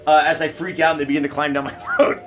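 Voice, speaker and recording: A man's voice: on the high side, quick pace. A man playing a tabletop role-playing game, dramatic and joking about his character's plight. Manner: animated, dramatic, swears and laughs. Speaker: player.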